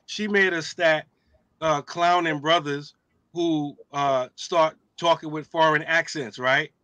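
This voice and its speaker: Brief: man, panel imam, joking and animated, slightly high, bright and close. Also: takes it slowly, no room sound, lo-fi sound. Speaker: imam on a roundtable. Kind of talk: casual panel discussion.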